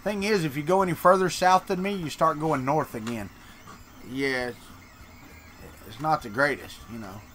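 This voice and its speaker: A man with a Southern American drawl hosts a casual live stream, joking with viewers as he answers their messages. His voice sits a touch higher than most men's. A faint hiss of background noise runs under the talk. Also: moderate pace, long pauses, fairly bright tone. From Florida, Deep South. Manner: joking, chatty, reads and answers chat. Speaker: streamer host.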